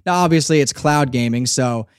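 A man's voice: medium pitch, a little fast, clear, resonant tone, no room sound. Rambling, profane man in dry sound. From Northeastern US. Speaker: podcast guest, audio drama creator. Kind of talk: casual chat.

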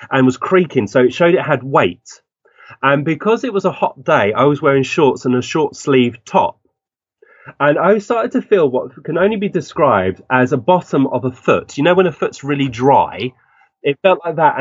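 A man on a muffled, dry lo-fi recording tells his experiences at a mid pitch. He is animated and often acts out the voices of the people he describes. His delivery is chatty and full of small restarts. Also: breathy edge, dry recording. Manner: animated anecdotes, acting out quoted voices. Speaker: guest medium. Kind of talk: interview storytelling.

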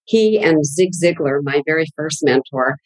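A woman business coach answering interview questions in a plain, direct, steady way. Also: deep voice, normal speed, no echo, poor audio.

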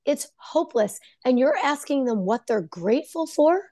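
A woman's voice: high voice, big pitch swings, moderate pace, dark tone, dry recording, studio quality. A woman psychologist guesting on a podcast, explaining earnestly and emphatically in casual talk, her voice still touched by a recent cold. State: post-cold voice.

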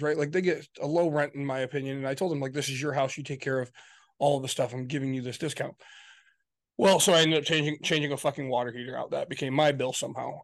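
A man with a high-ish voice, recorded dry, co-hosts a podcast and vents in casual conversation. Exasperated and swearing often, he acts out quoted exchanges with his family.

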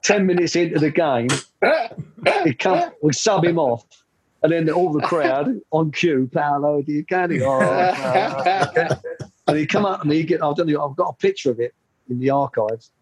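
A man's voice: fairly high pitch, lively intonation, moderate pace, darkish tone, slight background noise, rough recording. An older man, a former football coach, telling rambling anecdotes with lots of fillers in an interview. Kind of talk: storytelling interview.

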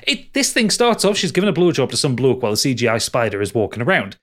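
A man co-hosting a casual podcast reviews a bad film, his medium-pitched, slightly bright voice fast and sing-song. He's sweary and exasperated, restarting his thoughts over and over.

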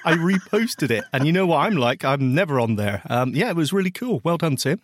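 A man's voice: fairly high pitch, sing-song, a little fast, a little hiss or hum. A man co-hosting a casual podcast, joking in a playful, self-mocking way. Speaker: podcast co-host. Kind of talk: casual chat.

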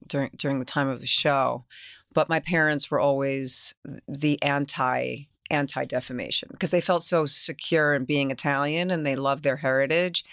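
A woman's voice: very deep voice, a bit bright, no room sound, studio quality. Candid New York woman telling stories. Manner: candid, laughs often, acts out quotes. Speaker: guest actress. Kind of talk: casual interview storytelling.

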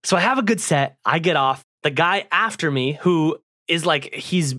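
A man who does stand-up, telling a story in casual chat with friends, animated and swearing freely, often laughing. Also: a little high, moderate pace, no room sound, clean studio sound. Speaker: stand-up comedian and podcast cast member.

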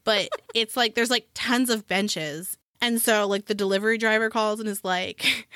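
A woman co-hosting a podcast, telling a long story in a rambling, animated way, full of fillers and laughs. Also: mid-range voice, a little fast, no room sound, studio quality. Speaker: podcast co-host. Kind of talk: casual chat.

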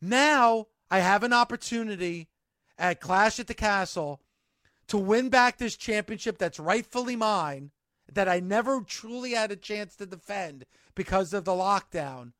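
A man doing an indignant, high-voiced wrestler promo. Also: animated, measured pace, no room sound, clean studio sound. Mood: bitter. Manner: indignant, building to shouted complaints. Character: aggrieved male pro wrestler cutting a bitter promo.

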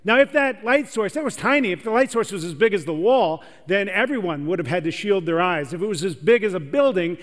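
A man's voice: high-pitched, animated, fairly quick, hardly any pauses, big-room sound. A man preaching a sermon to a large church audience, talking conversationally and putting questions to the crowd. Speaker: pastor.

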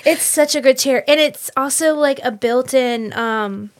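A woman's voice: high voice, unhurried. A woman co-hosting a podcast, chatting and chiming in eagerly about a book. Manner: chatty, jumps in to finish thoughts. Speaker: podcast co-host. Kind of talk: casual book-club chat.

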